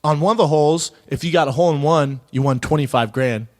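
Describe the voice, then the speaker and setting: A man's voice: on the high side, fast, darkish tone. Boastful man in his thirties. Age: 30s. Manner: boastful storytelling, mimics others. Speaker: podcast co-host. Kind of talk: casual chat.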